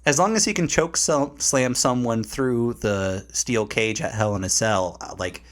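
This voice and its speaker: A man co-hosting a podcast in casual chat, animated and laughing often, with a lot of "like" fillers. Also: mid-range voice, measured pace. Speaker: podcast co-host.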